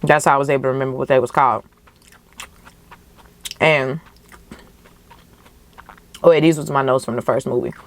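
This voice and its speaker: Podcast host, young woman, low voice, passionate casual movie reaction. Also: normal speed, pauses often. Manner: animated, emotional, profane, slangy.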